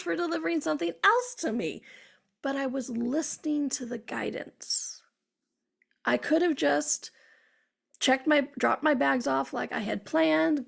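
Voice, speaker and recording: Woman host, middle-aged, high voice with heavy vocal fry, chatty storyteller. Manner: chatty storytelling, acts out her own inner dialogue. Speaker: show host. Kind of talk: spiritual talk show monologue.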